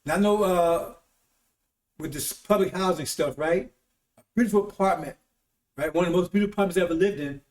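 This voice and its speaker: A man's voice: high voice, fairly quick, long pauses. A man giving a rambling, informal sermon on a broadcast, often checking in with his listeners with "See?" and "Right?". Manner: rambling, with frequent "See?" and "Right?" tag questions. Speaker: preacher hosting a broadcast. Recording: roomy echo, distant from mic.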